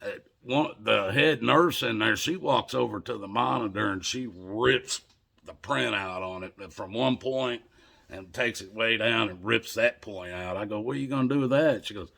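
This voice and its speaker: A man's voice: lowish voice, unhurried, gravelly, pushed and bright. A man telling a personal story in a rambling, conversational way, with many restarts. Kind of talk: casual storytelling to camera.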